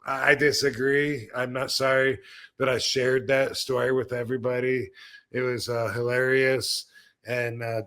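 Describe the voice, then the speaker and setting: A man's voice: medium pitch, fairly bright tone. A man hosting a podcast in casual chat, rambling with many fillers and restarts, and laughing between remarks. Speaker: podcast host.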